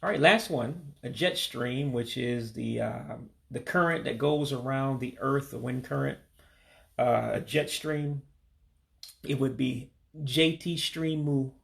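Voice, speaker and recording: Gravelly man teaching vocabulary. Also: medium pitch, a bit bright. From Michigan, USA. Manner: repeats words slowly, hesitant with many fillers. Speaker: language learner teaching vocabulary. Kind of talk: casual spoken vocabulary lesson.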